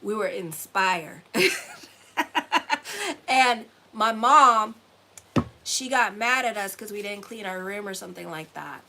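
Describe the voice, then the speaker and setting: A woman's voice: medium pitch, a little slow, gravelly, sharp tone, a little hiss or hum. A woman in her forties giving a casual weekly horoscope reading as an astrologer and tarot reader, blunt, rambling and profane.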